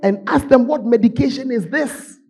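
A man preaching a sermon in a church, voice hoarse, swinging from shouts to low murmurs. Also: moderate pace. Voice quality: husky. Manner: emotional, shouting preaching with sudden drops to low tones. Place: church sanctuary.

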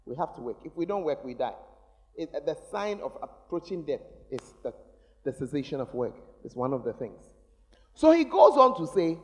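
A middle-aged male pastor preaching a sermon, teasing the congregation with sudden shouts. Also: fairly high pitch, big pitch swings, moderate pace. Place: large church. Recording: long reverb of a large church hall.

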